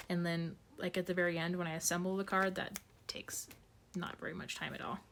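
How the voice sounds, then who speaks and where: A woman streaming her card making from home, thinking aloud and muttering softly to herself as she sorts through supplies. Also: on the low side, level tone, moderate pace, creaky, a little hiss or hum. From United States. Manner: muttering to herself while sorting supplies, soft asides. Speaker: craft streamer. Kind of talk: casual craft livestream chat.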